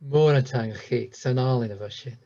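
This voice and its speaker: A man giving a recorded lecture, talking hesitantly with many pauses and restarts. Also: medium pitch, mellow. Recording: dull lo-fi sound.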